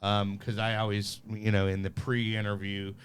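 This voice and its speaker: A man's voice: fairly low pitch, normal speed, a little hiss or hum. A man hosting a podcast in a loose, rambling, jokey chat style. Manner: rambling, chuckling, animated asides. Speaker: podcast host.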